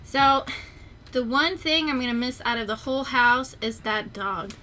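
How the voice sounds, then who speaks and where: A young adult woman streamer chatting casually and rambling in an animated way. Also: sits high, normal speed, slight background noise. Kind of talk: casual chat on a livestream.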